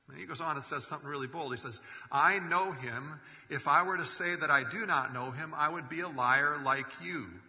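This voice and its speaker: A man's voice: mid-range voice, bright, forceful tone. A man preaching a sermon as pastor, conversational with wry jokes between scripture readings. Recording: long reverb of a large hall.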